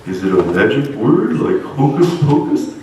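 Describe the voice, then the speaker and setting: A man voicing a curious, playful young male frog puppet who talks in a slow, halting, sing-song way, recorded in an echoey church hall from a distance. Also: medium pitch, very animated, a little mellow, slight background noise, natural voice.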